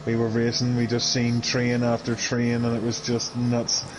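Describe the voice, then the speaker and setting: A man's voice: medium pitch, completely flat delivery, moderate pace, heavy background noise. Chatty man commentating sim racing. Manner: chatty, laughs often, reads out viewer comments. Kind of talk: live race commentary.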